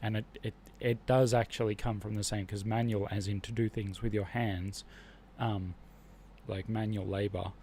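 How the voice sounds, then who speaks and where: Australian male streamer, low voice, thinks out loud over flashcards with a faint hiss behind. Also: flat delivery, normal speed. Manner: muses aloud while reviewing flashcards. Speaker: livestream host learning Spanish. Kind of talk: casual livestream chat.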